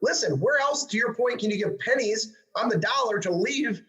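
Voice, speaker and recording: High-voiced, excitable male show host. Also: moderate pace, poor audio. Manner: excitable, with many restarts and tag questions. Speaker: show host and financial advisor. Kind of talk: interview hosting.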